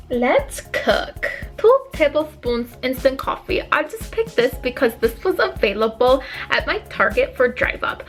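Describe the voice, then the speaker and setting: A woman's voice: sits high, sing-song, moderate pace, few pauses, a bit bright, soft background music. A young woman vlogging casually from her home kitchen, chatty and jokey with rambling asides, recorded on a phone. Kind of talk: casual cooking vlog.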